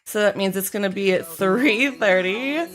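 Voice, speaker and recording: A woman's voice: mid-range voice, normal speed, a bit bright, faint music behind. Subdued woman streamer thanking chat. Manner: candid, apologetic, thanks viewers by name. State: feeling unwell, low energy. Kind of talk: casual live-stream chat.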